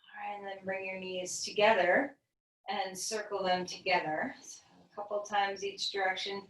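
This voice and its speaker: A woman leading a guided yoga class, giving calm, gentle, encouraging cues. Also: mid-range voice, normal speed. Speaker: yoga teacher. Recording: echoey room, voice from a distance.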